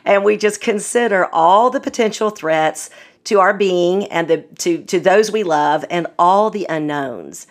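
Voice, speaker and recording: A middle-aged woman co-hosting a faith podcast, speaking warmly with frequent fillers and laughs. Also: fairly low pitch, a little slow. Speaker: podcast co-host. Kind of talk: casual faith-based discussion.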